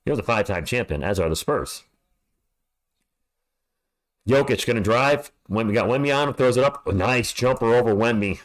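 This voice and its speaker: A man calling a live game as a fan play-by-play streamer. He is excitable, talks to his chat, and yells at the team, alone at home. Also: medium pitch, normal speed, pauses often.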